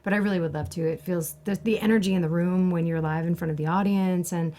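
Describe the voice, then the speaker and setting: A woman's voice: lowish voice, fairly even intonation, fast, dark tone. A woman guest chatting casually on a talk show, playful and self-deprecating, laughing often. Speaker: guest actress. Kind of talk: casual chat.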